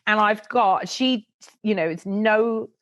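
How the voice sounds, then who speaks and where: Middle-aged woman, podcast guest, lively storyteller, close dry recording. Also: mid-range voice, slow, dry recording. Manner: animated, chatty storytelling with frequent laughs. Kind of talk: casual interview chat.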